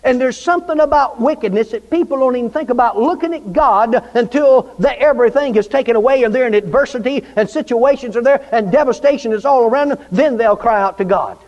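The preacher's voice is extremely high and a little mellow, brisk with few pauses, as he fervently repeats himself through a church sermon and keeps calling out for amens. It was captured as a dull lo-fi recording with long church reverb.

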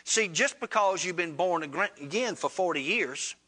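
High, bright-voiced preacher man. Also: normal speed. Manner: animated, acts out dialogue with rising pitch. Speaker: pastor. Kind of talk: sermon storytelling.

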